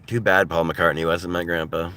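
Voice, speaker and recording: A man's voice: low voice, level tone, normal speed, over loud music. An American man in his thirties chatting casually on a live stream, rambling with lots of fillers and laughing as he mimics other voices. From United States. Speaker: livestreamer. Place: in a car.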